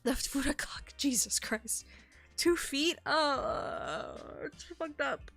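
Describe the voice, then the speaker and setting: A young woman streaming, who reads entries aloud calmly and breaks into shocked, swearing exclamations. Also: high voice, very slow, faint music behind. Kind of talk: live-stream reaction and reading aloud.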